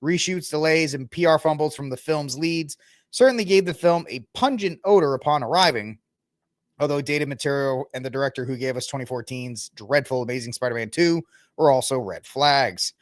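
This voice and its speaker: A man's voice: medium pitch, fairly quick, no echo, studio quality. A man hosting his own podcast, chatting casually and rambling through sports and movie talk while he looks things up. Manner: chatty, rambling, talks to the audience while browsing the web. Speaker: podcast host. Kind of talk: casual solo commentary.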